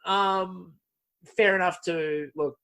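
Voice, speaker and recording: A man's voice: sits high, steady tone, slow pace, creaky, bright, forceful tone. A man hosting a podcast in casual chat, joking and steering the talk back on track. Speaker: podcast host.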